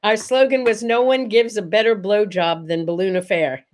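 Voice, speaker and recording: An older woman hosting a casual morning chat, telling stories with lively energy and acting out the voices of the people in them. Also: medium pitch, normal speed, hardly any pauses. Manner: animated, acts out quoted voices in stories. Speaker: livestream host.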